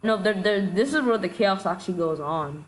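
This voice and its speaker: A woman commenting casually on her gameplay, excitable and stammering at times. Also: mid-range voice, normal speed, slight background noise, low-quality recording. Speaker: gamer.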